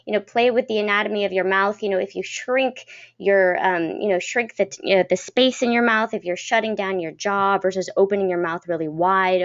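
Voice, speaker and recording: Lady voice coach rambling through a lesson, clear voice, muffled recording. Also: mid-range voice. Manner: chatty, laughs often, many fillers. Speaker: voice acting coach. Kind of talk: teaching a class. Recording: dull lo-fi recording.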